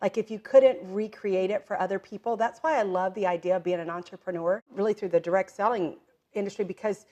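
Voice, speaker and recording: A woman's voice: mid-range voice, a little fast. A middle-aged woman talking as an entrepreneur guest in a casual interview, full of "um" and "like", often acting out quoted voices and laughing. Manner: lively storyteller who acts out quoted voices and laughs often; many fillers like "um" and "like". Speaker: guest, direct-selling entrepreneur.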